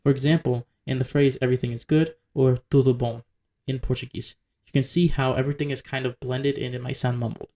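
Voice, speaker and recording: A man's voice: medium pitch, little pitch movement, quick pace, mellow. A man narrating a scripted educational video, explaining points methodically and working example words into his explanations. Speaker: language video host.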